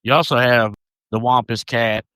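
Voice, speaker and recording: A man's voice: mid-range voice, steady tone, moderate pace, fairly bright tone, no echo, rough recording. A man with a Southern US accent co-hosting a podcast, telling stories in an easygoing, joking way. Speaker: podcast co-host. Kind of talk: casual podcast chat.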